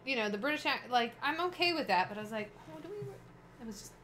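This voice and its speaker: A woman co-hosting a live pinball stream, chatting casually with giggles and quick reactions. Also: on the high side, animated, a little hiss or hum. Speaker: stream co-host. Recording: loud music behind the voice.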